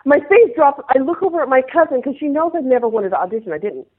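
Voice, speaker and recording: Woman guest, animated storyteller, tinny phone-quality line. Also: sits high, fast talker. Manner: animated, acts out scenes in changing voices. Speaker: interview guest, former pro dancer. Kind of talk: personal storytelling in conversation.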